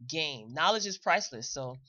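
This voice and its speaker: A woman's voice: deep voice, lively intonation, moderate pace, bright, forceful tone, dry recording, dull audio. A woman hosting a live commentary show, talking straight to her viewers and repeating phrases for emphasis. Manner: chatty, addresses viewers directly. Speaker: host.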